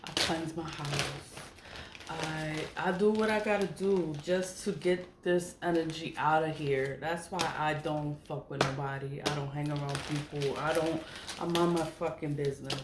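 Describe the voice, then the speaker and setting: A woman's voice: sits low, fairly even intonation, a little slow. A middle-aged woman talking casually to her camera, blunt and profane, laughing often. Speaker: spiritual vlogger. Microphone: camera mic. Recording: echoey room with faint noise.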